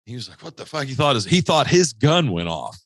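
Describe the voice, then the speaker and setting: A man's voice: mid-range voice, sing-song, brisk, no echo. A man co-hosting a podcast, telling a rambling, profane story with lots of restarts. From West Virginia. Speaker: podcast co-host. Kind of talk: casual storytelling. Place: podcast studio.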